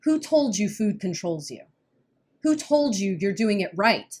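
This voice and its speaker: A woman talking on a casual podcast, coaching listeners with earnest energy. Her pitch is mid-range, and she breaks into quick nervous laughs. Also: big pitch swings, a little mellow, slightly rough. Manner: earnest, laughs when uneasy, quick bursts. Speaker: podcast co-host, weight-loss coach.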